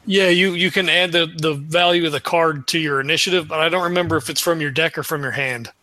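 A man's voice: on the high side, steady tone, quick pace, sharp tone. A man playing in a tabletop game, chatting loosely with lots of fillers. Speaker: player. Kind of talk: casual tabletop play.

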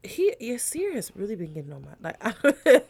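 A woman co-hosting a podcast, blunt and expressive, swearing freely. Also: fairly high pitch, normal speed, gravelly, no room sound. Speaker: podcast co-host. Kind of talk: casual chat.

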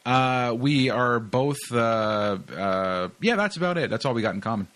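A man's voice: medium pitch, lively intonation, unhurried, fairly bright tone. A man hosting a podcast in casual chat, rambling and laid-back, with lots of fillers. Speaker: podcast host.

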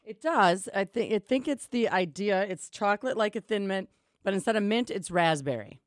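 A woman's voice: medium pitch, lively intonation, normal speed, dry recording. A chatty woman co-hosting a casual studio show, joking about herself and laughing easily. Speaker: radio co-host. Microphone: studio microphone.

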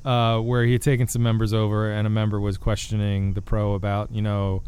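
Low-voiced joking male guest. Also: completely flat delivery, fairly quick, a little mellow, slight background noise. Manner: joking, rambling with restarts. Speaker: guest author. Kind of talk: casual podcast chat.

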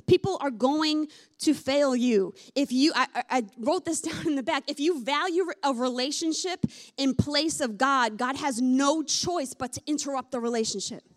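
A woman's voice: high voice, moderate pace. A woman preaching a sermon in a candid, conversational way. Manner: conversational, candid, with many fillers like "like". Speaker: pastor.

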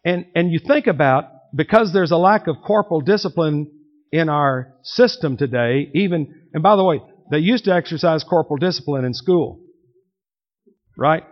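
A man's voice: fairly high pitch, expressive, normal speed. An older man preaching a sermon to his congregation, telling family stories in a folksy way and teasing people in the pews. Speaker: pastor. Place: church sanctuary. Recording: muffled lo-fi church recording.

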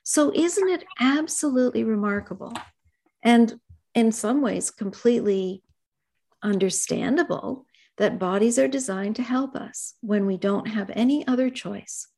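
A middle-aged woman therapist being interviewed, speaking gently and reflectively about her work. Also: fairly high pitch, a little slow, vocal fry. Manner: gentle, reflective, speaks in soft asides and acted client dialogue. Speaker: therapist and author, guest. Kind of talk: conversational interview.

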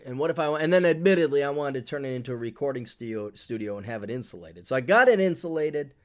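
A man's voice: a little high, a little mellow. A man hosting a podcast in a casual monologue, ranting sarcastically and acting out mock quotes. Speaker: podcast host.

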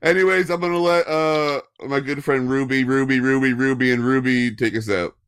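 A man's voice: mid-range voice, steady tone, normal speed, fairly bright tone, smooth. A young man co-hosting a podcast in casual chat, rambling with lots of fillers and swearing. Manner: rambling, profane, many fillers. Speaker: podcast co-host.

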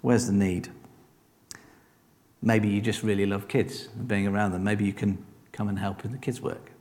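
A man's voice: on the low side, fairly even intonation, moderate pace, darkish tone, big-room sound. A man preaching a sermon, conversational and encouraging, with frequent rhetorical questions.

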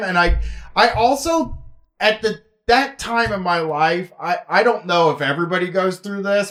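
A man with a fairly high voice hosts a casual podcast. He rambles and restarts, with a wry tone. His talk is loose and conversational. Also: a bit bright. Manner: rambling, self-interrupting, wry. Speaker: podcast host.

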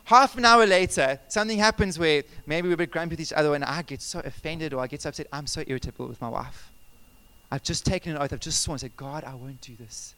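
Animated preaching man, smooth voice. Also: on the high side, quick pace. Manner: animated, conversational, asks the congregation questions. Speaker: pastor. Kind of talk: sermon with personal stories. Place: church service.

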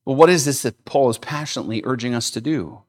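A man preaching a sermon, swinging from loud, emphatic calls to quiet, explanatory asides, with frequent repeats and restarts. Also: mid-range voice, fast talker. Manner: repeats words, small restarts. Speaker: pastor.

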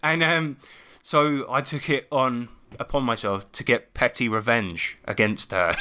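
A man's voice: medium pitch, lively intonation, moderate pace, few pauses, sharp tone, slight background noise. A man co-hosting a casual podcast about running tabletop games, telling stories with lots of laughs, swearing and restarts. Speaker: podcast co-host and game master.

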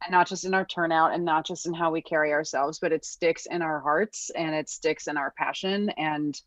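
A woman ballet dancer, a podcast guest, speaking in a warm, grateful and gushing way. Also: low voice, fairly even intonation, moderate pace, dry recording. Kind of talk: casual chat.

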